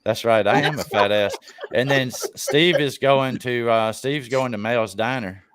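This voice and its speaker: A man's voice: medium pitch, a little slow, a bit bright, clear, resonant tone. A man hosting a casual live-stream chat, telling stories in a laid-back way and swearing freely. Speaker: live stream show host.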